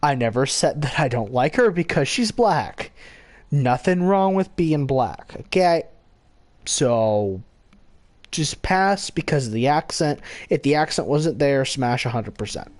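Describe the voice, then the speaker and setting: A man's voice: mid-range voice, expressive, unhurried, a little mellow. A man hosting a gaming channel, giving rambling casual commentary with frequent self-corrections and giggly asides.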